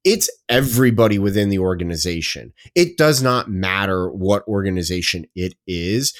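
A man's voice: low voice, animated, moderate pace, dry recording, studio quality. Emphatic man ranting on a podcast. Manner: emphatic, repetitive, self-interrupting. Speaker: podcast co-host. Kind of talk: casual ranting chat.

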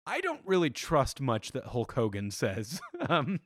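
A man's voice: mid-range voice, huge pitch swings, measured pace, a bit bright, no echo, studio quality. Laid-back man on a podcast. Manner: jokey, does mock impressions, laughs often. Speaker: podcast co-host. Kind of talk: casual chat.

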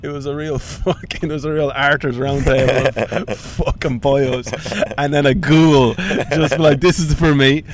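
A man's voice: medium pitch, steady tone, unhurried, few pauses. A young man telling a comic story on a podcast, swearing freely and acting out the voices of other people. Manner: swears a lot, acts out voices. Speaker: podcast co-host.

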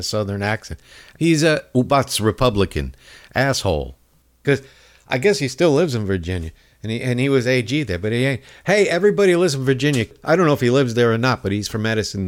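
A man tears into his target in a long, crude comic rant. His voice swoops up and down as he goes, and he keeps stalling on fillers and restarts. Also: medium pitch. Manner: angry, insulting, rambling with many fillers. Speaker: comedic ranter. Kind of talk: profane political rant.

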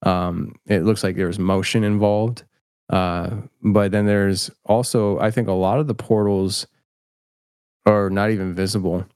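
A man's voice: on the low side, steady tone, measured pace, darkish tone, smooth, no echo, clean studio sound. A middle-aged man chatting casually as an interview guest, rambling and self-deprecating with many restarts. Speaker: podcast host, guest filmmaker.

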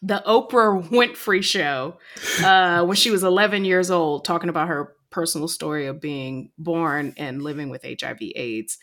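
Low-voiced woman co-host, measured. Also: a bit bright. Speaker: podcast co-host. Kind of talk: casual chat.

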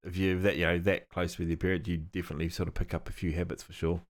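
A New man with a lowish voice chats on a studio podcast. He rambles through plenty of fillers and restarts, laughs easily and swears offhandedly. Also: flat delivery, quick pace. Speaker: podcast co-host. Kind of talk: casual chat.

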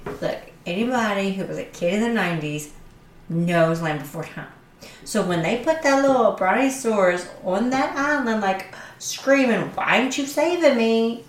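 A woman chatting casually as co-host, telling stories with animated quoted voices. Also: medium pitch, normal speed, recorded from a distance. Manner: animated storyteller. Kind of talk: casual chat. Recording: echoey room with faint ambience.

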